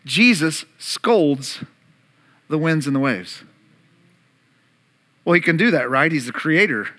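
A man preaching a sermon as pastor, animated, acting out voices to an audience in a church room. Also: fairly high pitch, takes it slowly. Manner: animated preaching, acts out disciples' panic and Jesus' calm.

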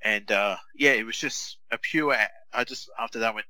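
A man co-hosting a podcast in casual chat, telling animated stories and acting out other players in raised voices. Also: fairly low pitch, moderate pace, no echo, rough recording. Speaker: podcast co-host.

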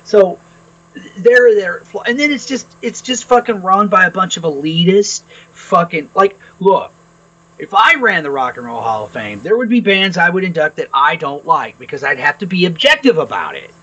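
A man's voice: sits high, sing-song, normal speed, sharp tone, breathy edge, dull audio. A man co-hosting a podcast in casual chat, blunt and opinionated, swearing freely. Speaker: podcast co-host.

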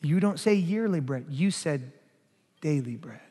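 A man's voice: on the high side, animated, measured pace, warm tone, breathy edge. A man preaching a sermon as pastor, emphatic, rising and falling in force. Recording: long hall reverb.

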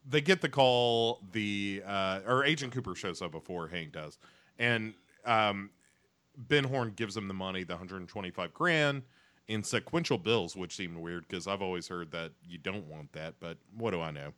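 A man co-hosting a podcast in casual chat, recapping events in a lively way. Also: deep voice, moderate pace. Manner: lively, recounting with acted quotes. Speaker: podcast co-host.

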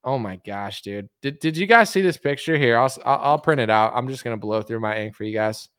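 A man's voice: medium pitch, animated, a little fast, a bit bright, clear, resonant tone, no room sound, clean studio sound. A man ranting in casual political commentary, rambling with lots of "like" and mocking impressions. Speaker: commentary streamer.

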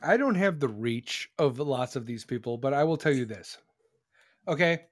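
A man's voice: medium pitch, lively intonation, normal speed, no room sound. A man hosting a podcast, ranting in a heated, profane and emphatic way and often repeating himself. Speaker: podcast host. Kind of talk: heated political rant.

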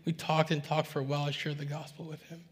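A man preaching a sermon, telling a story to his church in a relaxed, conversational way. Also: on the high side, fast, husky. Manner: conversational, recounting dialogue. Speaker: pastor. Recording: reverberant hall sound.

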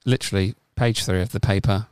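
A man's voice: on the low side, fairly even intonation, fairly quick, a little mellow, smooth, no room sound. A man from the UK co-hosting a podcast, chatting casually with blunt, sweary banter. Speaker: podcast co-host. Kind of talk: casual chat.

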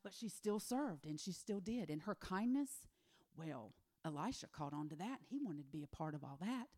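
A woman preaching a sermon, retelling a Bible story with animated voices for the characters and hushed, near-whispered emphasis. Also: on the low side, moderate pace. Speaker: women's ministry speaker.

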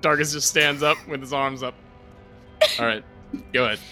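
A man's voice: mid-range voice, fairly even intonation, moderate pace, bright, forceful tone, soft background music. A man playing a tabletop game, joking and stammering as he chats. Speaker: player. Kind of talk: casual tabletop play.

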